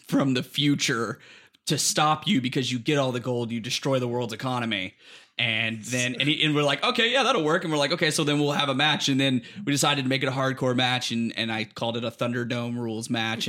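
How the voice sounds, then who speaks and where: A man who wrestles, chatting casually and telling an animated story with laughs. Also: medium pitch. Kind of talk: casual chat.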